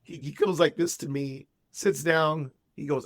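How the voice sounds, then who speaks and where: A man's voice: fairly high pitch, steady tone, measured pace, no room sound, studio quality. A man in his fifties, a podcast guest, telling a long personal story in a chatty, rambling way with frequent restarts. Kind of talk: casual storytelling.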